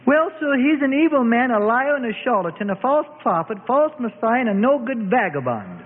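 Brief: blunt, indignant middle-aged woman witness, played by a male reader, high lively voice. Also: brisk, husky, full character voice. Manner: blunt, snappish. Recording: tinny, reverberant phone-like audio.

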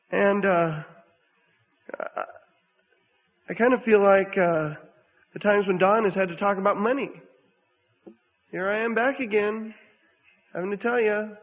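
A man preaching a sermon in an earnest, halting way, often repeating himself as he speaks to his congregation in a church. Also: high-pitched, gravelly. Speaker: pastor. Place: church sanctuary. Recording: tinny lo-fi sermon recording in a reverberant hall.

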